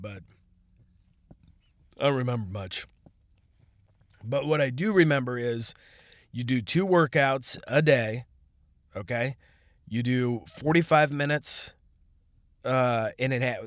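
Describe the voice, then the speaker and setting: A man's voice: mid-range voice, no echo, studio quality. A man hosting a podcast in a casual rant, sarcastic and rambling, his throat irritated from allergies. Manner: sarcastic, rambling, swings between loud outbursts and muttered asides. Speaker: podcast host. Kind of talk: casual ranting monologue.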